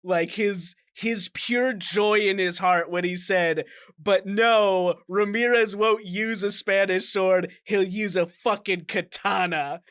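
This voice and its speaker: High-voiced playful man co-hosting. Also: fairly even intonation, takes it slowly, a bit bright, clear, resonant tone. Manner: playful, teasing, upbeat. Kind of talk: casual podcast chat.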